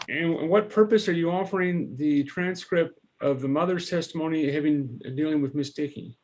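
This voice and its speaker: Halting judge with a higher voice. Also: male voice, darkish tone. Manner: halting, repeats words as he thinks. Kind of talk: presiding over a remote court hearing. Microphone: video call.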